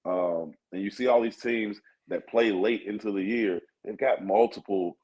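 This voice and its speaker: Lower-voiced man breaking down sports. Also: normal speed, darkish tone, poor audio. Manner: thinks aloud with fillers, asks "you know what I mean?". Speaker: sports talk co-host or guest. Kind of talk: casual sports analysis.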